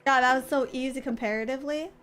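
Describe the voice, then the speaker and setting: A woman's voice: high voice, fairly even intonation, fast talker, a bit bright, faint music behind. A woman streamer chatting casually over a fishing game, teasing and coaxing in a playful, flirty way. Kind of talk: casual gameplay commentary.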